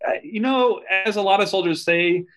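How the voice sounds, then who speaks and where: Bright-voiced man telling army stories. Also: high voice, moderate pace, rough recording. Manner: loose, profane, lots of fillers and asides. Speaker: army veteran guest. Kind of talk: casual storytelling interview.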